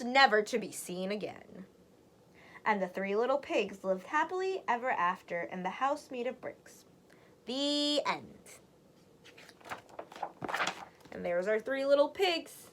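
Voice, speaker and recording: A woman teacher reading a children's story aloud to her students, expressive and animated, gasping and swinging between soft and loud. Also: a little high, a little slow. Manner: expressive and animated, with gasps and big swings in volume.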